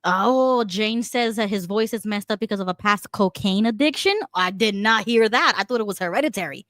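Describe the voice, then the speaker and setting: A woman's voice: mid-range voice, fairly quick, a bit bright, no echo. A woman co-hosting a casual political talk stream, chatting, laughing often and reading out viewer comments. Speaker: co-host.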